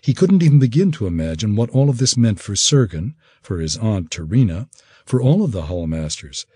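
A man reading an audiobook in expressive, measured scripted narration. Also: fairly low pitch, husky, no room sound, clean studio sound.

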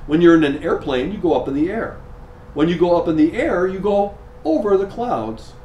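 A patient young mother, put on by a man, lays out her reasoning step by step, her voice lifted noticeably higher. She speaks calmly in an echoey room with faint noise behind. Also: moderate pace, recorded from a distance, dull audio. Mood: patient explaining. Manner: calm, explaining step by step.

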